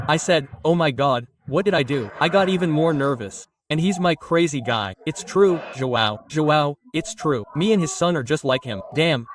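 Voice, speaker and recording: A man in his thirties from Brazil doing stand-up, telling an animated story and acting out the lines of the people in it. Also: fairly high pitch. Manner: animated, acts out quotes, swears casually. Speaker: stand-up comedian. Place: comedy stage with live audience. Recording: distant stage mic, audience noise.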